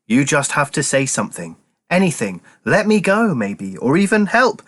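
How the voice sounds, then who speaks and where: A man's voice: a little high, sing-song, a bit bright, pitched above the performer's own voice. A man doing a smug, self-justifying talking tomcat. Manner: wheedling, quick to excuse himself.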